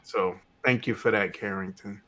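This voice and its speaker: A man's voice: lowish voice, fairly even intonation, normal speed, a bit bright. A man speaking as a panelist, agreeing easily and talking in a laid-back way. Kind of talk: casual panel discussion.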